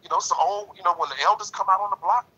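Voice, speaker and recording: A man's voice: high-pitched, expressive, rapid-fire, pushed and bright, breathy edge, muffled recording. A man in a lodge discussion talking in a preachy, emphatic way, repeating himself and leaning on "you know". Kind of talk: passionate casual discussion.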